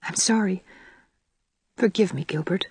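A woman's voice: mid-range voice, measured pace, darkish tone, husky, no room sound. A woman voicing an earnest, emotional young woman student, pleading and breathless, at times dropping to a whisper. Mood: anxious.

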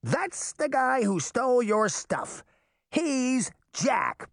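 A man's voice: very high-pitched, big pitch swings, slow pace, creaky, dry recording, clean studio sound, pitched above the performer's own voice, full character voice. A man voicing a brash, teasing boy fairy in an audiobook. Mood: cocky. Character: cocky mischievous boy fairy. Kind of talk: audiobook character voice.

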